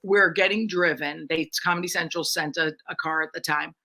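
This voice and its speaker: A woman's voice: low-pitched, a little fast. A middle-aged woman, a comedian, telling brash, profane stories in a casual podcast chat. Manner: brash, profane, animated storyteller.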